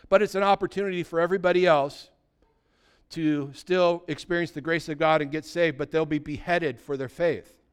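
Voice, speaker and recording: Urgent, high-voiced pastor preaching. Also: male voice, clear, resonant tone. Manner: urgent, emphatic preaching with repeated short declarations. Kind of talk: sermon.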